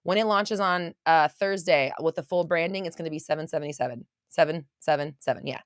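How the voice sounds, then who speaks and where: Gushing, excitable woman on a livestream. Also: deep voice, brisk, smooth, no echo, studio quality. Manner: gushing and excitable, swearing casually. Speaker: host of a mindset livestream. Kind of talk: casual livestream talk to viewers.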